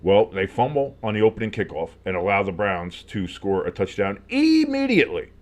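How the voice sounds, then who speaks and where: A man's voice: lowish voice, huge pitch swings, moderate pace. A man calling football play-by-play with casual reactions, rambling through many fillers and rising sharply on big plays. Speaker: sports fan commentator.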